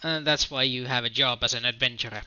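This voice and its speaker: A man acting as game master, narrating a tabletop science-fiction game with jokes and quick self-corrections. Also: medium pitch, steady tone, bright, forceful tone, dull audio, a little hiss or hum. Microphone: home mic on an online call.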